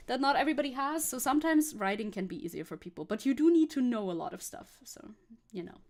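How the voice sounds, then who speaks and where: A young woman streamer chatting casually and rambling while she paints, swearing now and then. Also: fairly high pitch. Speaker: VTuber streamer.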